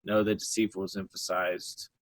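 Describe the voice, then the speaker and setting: A man with a fairly low voice talks through quiz tactics in a loose, chatty way. He restarts sentences often and slips in the occasional joke. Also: little pitch movement, normal speed, dry recording, poor audio. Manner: chatty, joking, frequent restarts. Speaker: podcast host and quiz coach. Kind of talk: casual chat.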